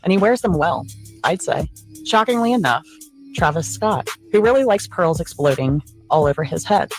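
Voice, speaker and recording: A woman's voice: on the low side, animated, moderate pace. A woman reading a scripted voice-over narration in a sly, insinuating tone, dropping knowing asides. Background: music bed.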